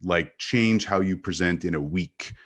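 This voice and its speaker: A man speaking as a guest sales trainer in an interview, explaining with energy and shifting his pace and pauses for emphasis. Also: deep voice.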